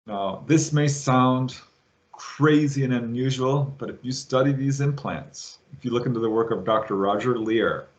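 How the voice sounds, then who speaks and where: A man guest on an interview show, retelling a witness's story with lively quoted voices. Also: medium pitch, normal speed. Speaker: guest, UFO researcher.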